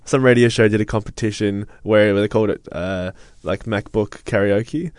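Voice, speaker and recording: Teasing, lower-voiced man. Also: moderate pace, no room sound. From Australia. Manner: teasing, dry sarcasm. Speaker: podcast co-host. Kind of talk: casual chat.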